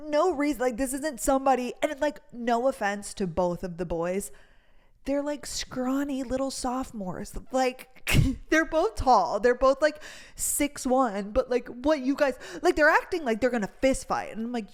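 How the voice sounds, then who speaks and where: A woman's voice: high-pitched, unhurried. Chatty young woman telling a story. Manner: chatty, heavy on "like," animated retelling. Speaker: podcast host. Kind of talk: casual storytime chat.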